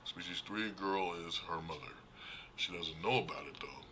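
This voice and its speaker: Rambling low-voiced man on a stream. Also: moderate pace, slight background noise. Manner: animated, laughs often, acts out characters in high voices. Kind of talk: casual rambling movie talk.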